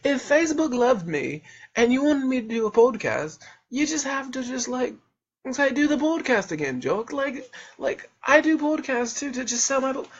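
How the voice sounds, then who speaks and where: Brief: young man, husky voice that swings high and low, rambling and boastful, dull lo-fi home-video sound. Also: sing-song, moderate pace. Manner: boastful, rambling, jokey, often slips into put-on voices. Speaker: self-published author promoting his book. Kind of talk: rambling self-promotional monologue.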